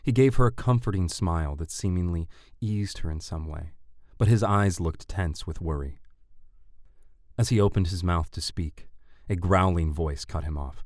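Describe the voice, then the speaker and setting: A man narrating a dark fantasy audiobook in a measured, deliberate way. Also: deep voice, no room sound, studio quality.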